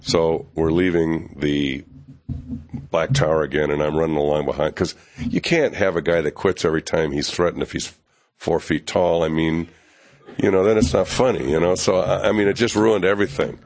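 An older man, a television writer and producer, telling a behind-the-scenes story in an interview, animated and acting out other people's lines, with frequent fillers and restarts. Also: a bass voice, normal speed.

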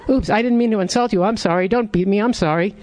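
A man's voice: sits high, fast, darkish tone, lightly acted. A man voicing a timid female dog who apologizes nervously. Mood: apologetic.

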